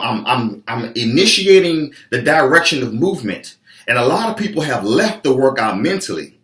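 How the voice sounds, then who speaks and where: Male fitness coach, preachy motivational delivery, lively pitch, roomy echo. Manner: emphatic, preachy, acts out clients' voices. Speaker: fitness trainer. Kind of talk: motivational talk. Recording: echoey room.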